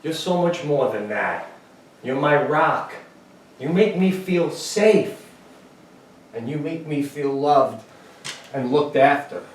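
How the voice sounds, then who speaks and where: A man's voice: mid-range voice, measured pace, roomy sound, far from the mic, close to an everyday voice, low-quality recording. A man doing a smug, bossy TV twin. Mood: mock-tender. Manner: teasing, mock-tender, theatrical. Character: smug, bossy male twin home-renovation star.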